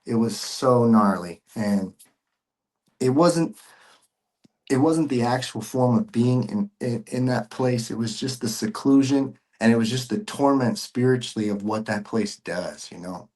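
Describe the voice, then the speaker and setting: A man's voice: mid-range voice, a little slow, a little mellow. A man sharing a personal faith testimony as a podcast guest, earnest and emotional, with casual slang and frequent repeats.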